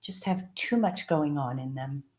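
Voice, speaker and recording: Low-pitched woman cohosting a stream, chatty, repeats herself a lot. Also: a little slow, darkish tone. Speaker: co-host. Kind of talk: casual live-stream chat.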